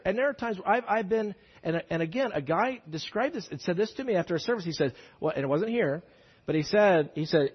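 A man preaching a sermon as a pastor, telling stories with many restarts and shifting between loud and hushed delivery. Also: high-pitched, lively intonation, a little fast, breathy edge, highs cut off.

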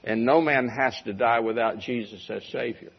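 Older man, pastor, husky voice, emphatic sermon delivery, repeats phrases for weight, dull muffled recording. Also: mid-range voice, normal speed. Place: church congregation room.

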